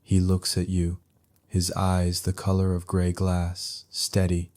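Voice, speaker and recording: Speaking in a very deep, hushed voice, a man narrates a soothing sleep story. His pace is slow, his pitch barely rises, and his delivery stays soft and even.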